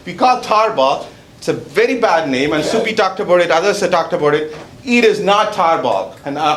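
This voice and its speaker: A man's voice: sits high, roomy sound, slight background noise. A man presenting research at a seminar, chatty and joking, with an accent, often adding "okay?". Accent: non-native accent. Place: seminar hall.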